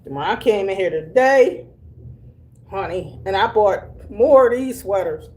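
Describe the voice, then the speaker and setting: A woman's voice: mid-range voice, expressive, measured pace, a little mellow, slightly rough. An older woman from Delaware chatting casually to camera as a vlogger. She calls her viewers honey and baby and laughs easily while telling stories. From Delaware, USA.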